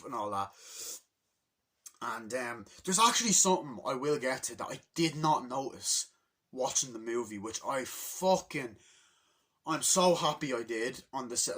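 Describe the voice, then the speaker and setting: A young man excitedly recapping a movie in a rambling, casual way, swearing often and bursting into acted-out lines from the scenes. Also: medium pitch, brisk. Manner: rambling, swears a lot, acts out scenes with shouted voices. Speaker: movie reviewer.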